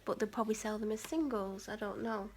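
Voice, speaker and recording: A woman's voice: mid-range voice, fairly even intonation, fairly quick, a little hiss or hum. A woman from England chatting casually in her vlog, rambling along with lots of "like" fillers and sometimes dropping almost to a whisper. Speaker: vlogger.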